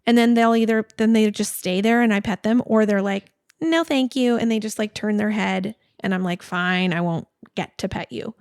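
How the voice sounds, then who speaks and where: A woman in her forties, co-hosting a podcast and telling a story in a casual, animated way full of "like.". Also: a little high, moderate pace, smooth, no room sound, studio quality. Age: 40s. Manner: animated storytelling, many "like" fillers. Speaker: podcast co-host. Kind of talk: casual chat.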